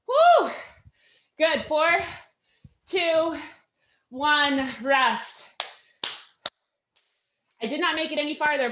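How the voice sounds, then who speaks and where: Woman fitness instructor, high voice, winded, upbeat cheering, measured delivery. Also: fairly bright tone, reverberant, muffled recording. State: out of breath. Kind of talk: live workout class coaching.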